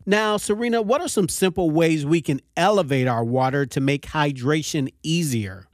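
Brisk male radio interview host. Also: fairly high pitch, no room sound, clean studio sound. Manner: brisk, broadcast-style lead-ins to questions.

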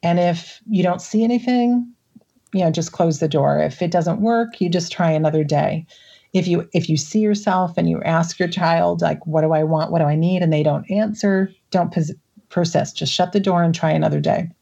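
A middle-aged woman from the Midwest telling a personal story as an interview guest, emotional and laughing often between halting restarts. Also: on the low side, gravelly, mellow, slightly rough, dull audio. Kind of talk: recounting a personal experience in an interview.

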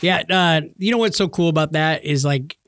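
A man's voice: a little high, moderate pace, no room sound, clean studio sound. A man in his thirties co-hosting a casual podcast, telling stories and acting out the voices. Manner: animated storyteller, acts out voices. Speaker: podcast co-host. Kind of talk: casual chat.

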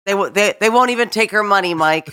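A woman's voice: medium pitch, quick pace, pushed and bright, clear, resonant tone, no room sound, clean studio sound. A middle-aged woman hosting a podcast, chatting casually and acting out other people's lines as she tells a story. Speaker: podcast host. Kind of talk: casual chat.

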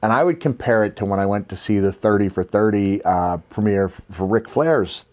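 A man's voice: on the low side, brisk, a little mellow. A man in his fifties with a slight New York accent, a podcast host and former wrestler telling stories in a reflective, rambling way with many fillers. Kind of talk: casual storytelling chat.

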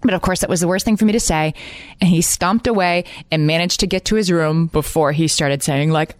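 A woman in her forties, co-hosting a casual parenting chat in a calm, reflective way and laughing at herself now and then. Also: on the low side, a little fast, no room sound, studio quality. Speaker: podcast co-host.

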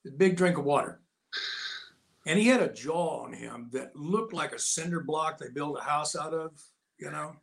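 Older man, guest, casual storytelling, slightly high voice, acts out quoted voices. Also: normal speed, gravelly. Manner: lively anecdotal, acts out quotes.

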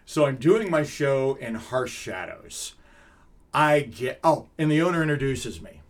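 Middle-aged man telling lively stories. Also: medium pitch, unhurried. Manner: animated anecdotes, laughs often. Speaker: guest, comedic magician. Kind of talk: casual storytelling in an interview.

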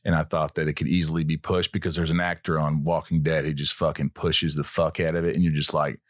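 A man's voice: a bass voice, flat delivery, fast, no room sound, studio quality. A man from Southern Indiana hosting a podcast, chatting in a loose, joking way, swearing and laughing easily. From Southern Indiana, USA. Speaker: podcast host. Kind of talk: casual podcast chat.

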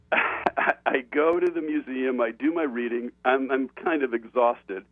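A man, an author on an interview show, tells an animated story, laughing often and restarting his sentences. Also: medium pitch, unhurried, dry recording. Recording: tinny phone-line sound.

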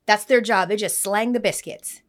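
Animated woman podcast host telling stories. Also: mid-range voice, normal speed. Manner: animated storyteller, voices the people in her stories. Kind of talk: casual podcast chat.

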